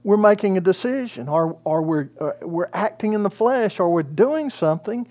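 A man's voice: sits high, expressive, moderate pace, a little mellow. A man preaching a sermon as pastor, in a conversational way with many fillers and restarts.

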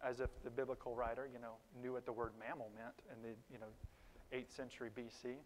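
A man preaching a sermon in a conversational, animated way, with sudden loud emphases and quiet asides to the congregation. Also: medium pitch, brisk, slight background noise. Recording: long reverb of a large hall.

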